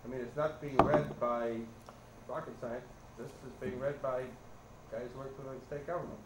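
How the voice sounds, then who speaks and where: A man's voice: mid-range voice, steady tone, normal speed. A man advising a town board at a public meeting, explaining things in plain, down-to-earth terms. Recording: echoey noisy meeting room recording.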